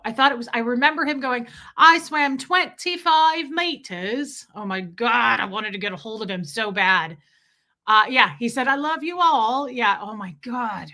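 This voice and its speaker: A woman's voice: medium pitch, bright, forceful tone. A woman hosting a casual livestream, greeting viewers by name and rambling through chatty asides. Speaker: livestream host. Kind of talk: casual livestream chat reading viewer names.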